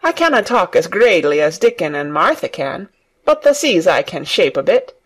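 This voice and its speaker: A reader voicing a young girl who proudly tries out a broad country dialect, speaking slowly and playfully. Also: medium pitch, lively intonation. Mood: teasing.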